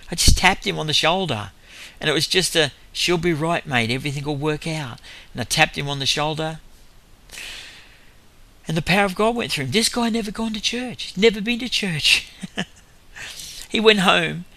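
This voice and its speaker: This lay minister speaks in a high-pitched, creaky voice that's pushed and bright, at a moderate pace with frequent pauses. In an Australian accent, he tells faith stories as testimony, rambling, chuckling between them, and correcting himself.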